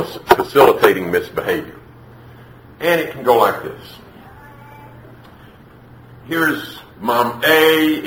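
A man preaches in a lowish, bright voice, lively and playful as he acts out scenes from family life. His sermon rings through an echoey room. A faint hum of ambience sits behind him. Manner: lively, acts out parents and children in high voices. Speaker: preacher teaching on child discipline.

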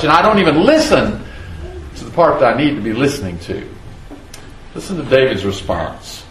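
Man, preacher, expository sermon, somewhat high voice, roomy echo. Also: animated, normal speed, a bit bright, slight background noise. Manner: dramatic scripture reading with rhetorical questions.

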